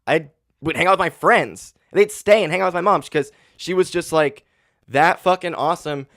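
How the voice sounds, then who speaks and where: A man in his twenties hosting a solo podcast, talking candidly and with grief, swearing often and filling pauses with "like". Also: fairly high pitch, a bit bright, no room sound, studio quality. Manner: candid, grieving, heavy swearing and fillers. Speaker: podcast host. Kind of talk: casual solo podcast monologue. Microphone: handheld podcast mic.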